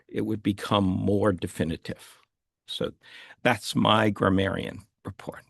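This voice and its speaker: A man giving a grammarian report in an online club meeting, gently correcting phrases and often repeating words as he goes. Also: on the low side, a little slow, creaky, no room sound, clean studio sound. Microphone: computer mic on a video call.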